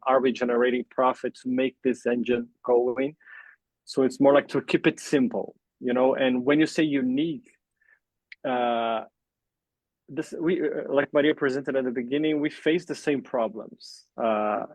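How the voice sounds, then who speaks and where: A man's voice: mid-range voice, dry recording, low-quality recording. A man speaking as a mentor in an online workshop, loose and hesitant, often leaning on "like". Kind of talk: casual online workshop talk.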